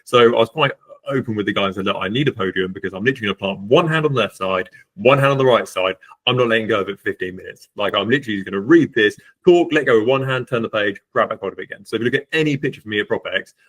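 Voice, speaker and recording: A man's voice: fairly low pitch, very fast, fairly bright tone, breathy edge. A man, a guest on a podcast, telling his own story candidly, with lots of fillers and restarts. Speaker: podcast guest, estate agent.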